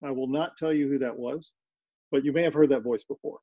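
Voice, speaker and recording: A man from East Texas with a Texan accent presents on a video call. He talks in a conversational, storytelling way. His voice is mid-pitched, and the recording is dry and dull. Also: fairly even intonation, brisk, mellow, no echo. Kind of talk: webinar presentation.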